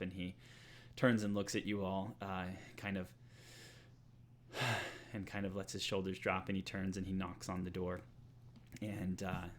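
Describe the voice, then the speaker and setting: A man narrating a tabletop game as game master, halting with many filler sounds. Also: deep voice, a little hiss or hum.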